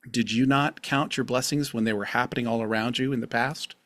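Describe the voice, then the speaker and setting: A man's voice: mid-range voice, steady tone, a little fast, fairly bright tone, dry recording. A middle-aged man hosting a solo podcast, talking in an earnest, confessional way and often repeating his phrases. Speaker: podcast host. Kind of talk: reflective solo podcast monologue.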